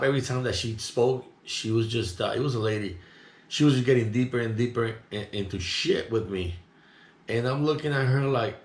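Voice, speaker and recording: A middle-aged man telling a story in a rambling, indignant way, talking loud. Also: medium pitch, moderate pace. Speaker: vlogger. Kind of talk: casual monologue, recounting an incident. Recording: roomy echo.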